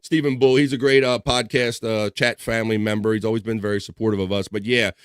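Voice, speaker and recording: A man's voice: on the low side, level tone, fast talker, smooth, dry recording, clean studio sound. A man hosting a casual livestream, joking loosely and reading viewer comments aloud. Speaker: livestream host. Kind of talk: casual live chat.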